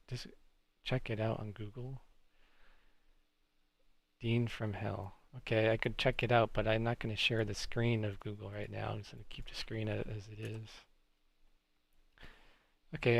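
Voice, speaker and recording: A man's voice: lowish voice, steady tone, moderate pace, creaky, no echo. A man streaming live, chatting casually with viewers and reacting to chat messages.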